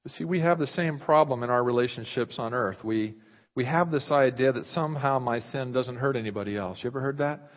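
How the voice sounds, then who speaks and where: Impassioned pastor in an echoing sanctuary. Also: male voice, mid-range voice, brisk. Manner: impassioned, rising loud then dropping to near whispers. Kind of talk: sermon. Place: church sanctuary. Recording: muffled reverberant hall recording.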